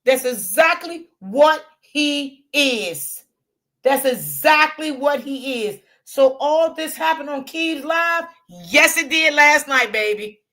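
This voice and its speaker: Woman streamer ranting to her chat, high bright voice, slow and drawn out. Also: lively intonation. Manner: loud, laughing, profane, talks to chat. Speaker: commentary channel host. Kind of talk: casual livestream commentary.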